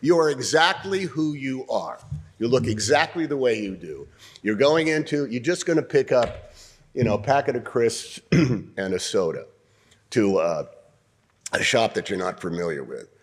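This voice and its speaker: An older man teaching an acting workshop, coaching students through scenes in an animated way and often clearing his throat. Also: mid-range voice, normal speed.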